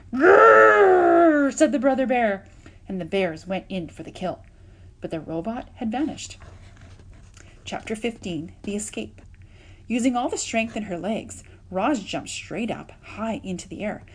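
Female reader for a children's chapter book, lively and expressive, mid-range voice. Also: mid-range voice. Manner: expressive, lively narration with voiced sound effects. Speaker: audiobook reader. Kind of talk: storybook read-aloud.

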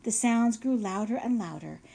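A woman's voice: fairly high pitch, normal speed, vocal fry, dark tone, slightly rough. Woman reading a storybook aloud. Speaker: audiobook narrator. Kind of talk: scripted narration.

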